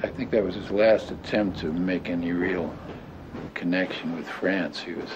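Give me a deep-voiced older man recalling the past haltingly, on muffled, noisy tape. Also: steady tone. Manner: halting, with many restarts and fillers. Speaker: interviewee. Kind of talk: reminiscing interview. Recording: dull lo-fi audio with clear noise.

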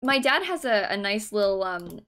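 A woman's voice: mid-range voice, very animated, normal speed, a bit bright. A young woman in her twenties, streaming from home, reading chat messages and teasing in a giggly, playful way. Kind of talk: casual live stream chat. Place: home room, in the UK.

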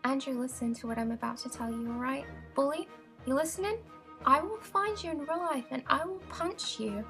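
A woman's voice: high voice, expressive, fairly quick, over music. A woman with a British accent, playing a bossy, provoking prankster in casual voice chat. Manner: bossy, mock-stern and provoking. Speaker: prankster player in a virtual world.

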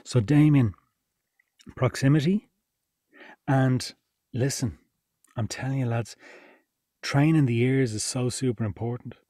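A man's voice: medium pitch, unhurried, pauses often, dark tone, no echo, studio quality. A man giving a chatty, informal workshop lesson, laughing now and then as he explains. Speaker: podcast production instructor. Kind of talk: casual workshop teaching.

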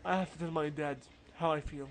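A man's voice: fairly high pitch, steady tone, fairly quick, faint music behind, natural voice. A man reading game dialogue aloud, voicing an anxious teenage schoolboy in a put-on accent and stumbling over the lines. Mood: frustrated, resolved.

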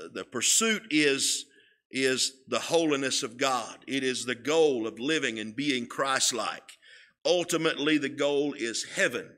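Guy teaching sunday school, slow n emphatic, bright punchy voice. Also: mid-range voice. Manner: slow and emphatic, stretching key words, often repeating words. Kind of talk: sermon-style Bible lesson. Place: church sanctuary.

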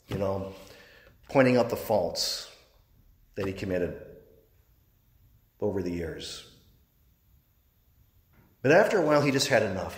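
A man, a priest, giving a sermon, telling a story with halting restarts. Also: on the low side. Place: church. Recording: echoey church with long reverb.

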